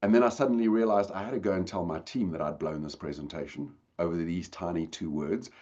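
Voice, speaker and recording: A middle-aged man giving a storytelling talk, swinging between loud and hushed delivery. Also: low voice, a little fast, muffled recording. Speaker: speaker.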